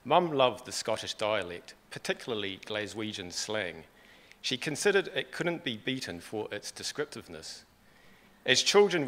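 Low-voiced man giving a eulogy in a reverberant church. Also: a bit bright. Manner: dry humour, reads from prepared notes. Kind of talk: funeral eulogy.

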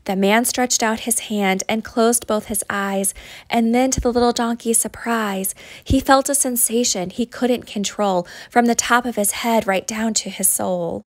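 A woman reading a rhyming picture book aloud for young children, in an expressive, sing-song way. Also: on the high side, unhurried, no room sound, studio quality. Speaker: storytime reader.

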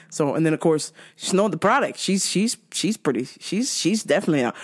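A woman's voice: sits low, fairly quick, hardly any pauses. A woman hosting her own show, telling a casual story with lots of swearing and laughter. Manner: animated, profane, laughs often. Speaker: podcast host.

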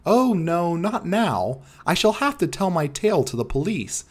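A man reading the part of a pale, shaken young engineer in an audiobook, his voice rising to high excited notes. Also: normal speed, breathy edge, full character voice.

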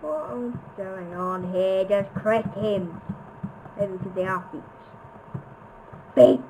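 Woman, silly gameplay commentary, sing-song chanting, very slow drawn-out delivery, faint noise behind. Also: mid-range voice, animated, low-quality recording. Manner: goofy, sing-song chanting, sudden shouts. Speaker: gameplay video maker.

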